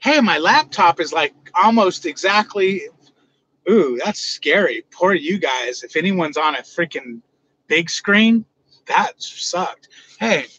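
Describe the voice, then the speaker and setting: A man's voice: sits high, lively intonation, slow pace, pushed and bright, husky, dull audio. A man hosting a casual livestream from inside his truck, joking loosely and answering his chat. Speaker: livestream host.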